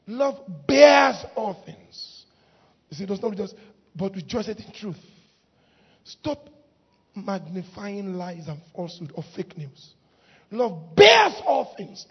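A woman preaching a lively sermon in church, laughing often and breaking into shouts. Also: mid-range voice, slightly rough. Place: church hall. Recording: muffled recording in a reverberant hall.

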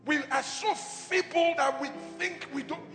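Speaking a little slowly in a very high voice, a man leads a fervent charismatic sermon, calling out decrees over and over, often shouted, for the crowd to repeat. The setting is a large church hall, echoey, with faint music in the background.

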